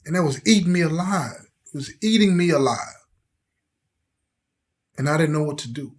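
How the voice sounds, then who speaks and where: A middle-aged man recounts a hard chapter of his life, talking with rising emotion and acting out the voices of others. His voice sits a little high for a man. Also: animated, moderate pace. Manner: emotional, intense, acts out quoted voices. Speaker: host telling his life story. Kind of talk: personal storytelling to camera.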